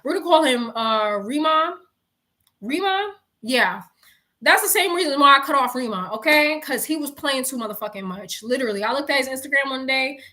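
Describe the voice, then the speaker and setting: A young woman with a high, pushed and bright voice offers a casual tarot reading at normal speed, full of animation. She swears liberally, laughs frequently and chats with viewers like friends.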